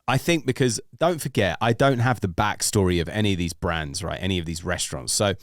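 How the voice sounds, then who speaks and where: A man's voice: sits low, brisk, no echo, studio quality. A British man guesting on a podcast, chatting in an easygoing, jokey way with lots of fillers. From Britain. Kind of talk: casual podcast banter.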